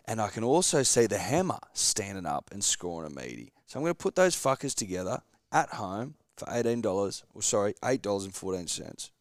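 An Australian man co-hosting a betting chat, rowdy and crude, getting excited over his picks. His voice sits a little low. The sound is dry and close. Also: fairly quick, no echo. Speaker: podcast co-host. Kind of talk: casual sports betting chat.

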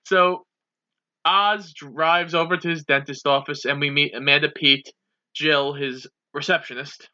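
A man co-hosts a casual podcast and walks through a film's plot step by step. His voice sits mid pitch with a bright, sharp tone. The sound is dull and lo-fi. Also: fairly even intonation, unhurried. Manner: plain recap-style storytelling. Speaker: podcast co-host. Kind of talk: casual chat, recapping a film.

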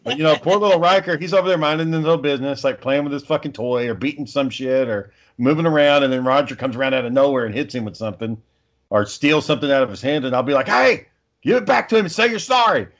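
A man's voice: mid-range voice, quick pace. A father in casual chat, rambling through stories about his kids and swearing freely.

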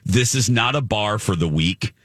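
Man, podcast co-host, lively storyteller with a bright voice who slips into character voices; dry, close recording. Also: fairly low pitch, moderate pace, dry recording. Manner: animated storyteller, acts out voices of people in the story. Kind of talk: casual storytelling chat.

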